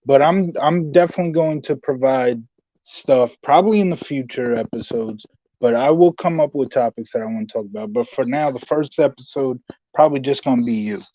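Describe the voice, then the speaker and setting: Mellow-voiced man on a dull mic. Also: medium pitch, fairly quick, dry recording. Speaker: podcast co-host. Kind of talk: casual podcast chat.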